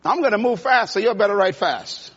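A man gives an emphatic, preacherly motivational speech in a large conference hall, speaking straight to the audience. His voice is strikingly high. The sound is dull and rings in a long hall reverb. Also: lively intonation, brisk, a bit bright, husky.

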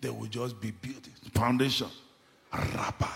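A man preaching a sermon with fervor, swinging between sudden shouts and hushed asides. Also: mid-range voice, very animated, normal speed, long reverb tail. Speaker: pastor. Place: church.

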